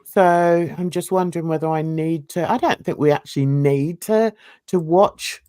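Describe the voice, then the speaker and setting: A woman's voice: deep voice, normal speed, warm tone, no echo. A woman hosting a casual panel chat, speaking earnestly and indignantly. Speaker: channel host.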